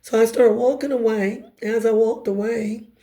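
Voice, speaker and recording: A woman with a raspy voice telling her personal testimony in an emphatic, conversational way with quick asides. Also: on the high side, fairly even intonation, warm tone. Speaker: speaker giving personal testimony.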